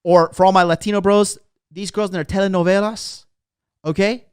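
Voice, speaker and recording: A man's voice: sits high, steady tone, moderate pace, smooth, no room sound, studio quality. A young man hosting a casual livestream as a dating coach, brash and profane as he lectures and reads comments.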